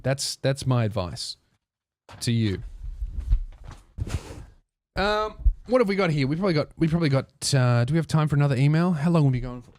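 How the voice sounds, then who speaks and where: A man's voice: a little high, animated, a little fast, pauses often, a little mellow, no room sound. Profane joking man reading emails, dry sound. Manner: profane, riffing, mocking asides. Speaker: comedian and podcast host. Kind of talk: comedic reading of viewer emails.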